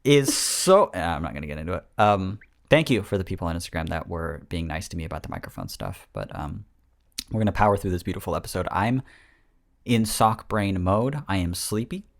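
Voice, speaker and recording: A young man with a low voice that leaps around in pitch, hosting a casual podcast chat. He rambles and mocks himself in a jokey way, talking into a podcast microphone. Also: big pitch swings, a little fast, gravelly. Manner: rambling, self-mocking, jokey. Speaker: podcast host.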